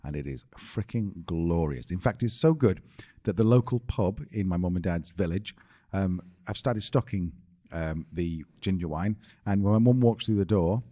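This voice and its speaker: A man's voice: low-pitched, normal speed, dark tone. A British man co-hosting a podcast in casual chat, explaining things with dry jokes. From Britain. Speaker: podcast co-host.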